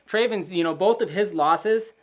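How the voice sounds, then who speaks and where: A man's voice: high voice, moderate pace. Man co-hosting a fight-prediction podcast. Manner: reads fight stats in a steady list. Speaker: podcast co-host. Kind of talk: casual sports prediction chat.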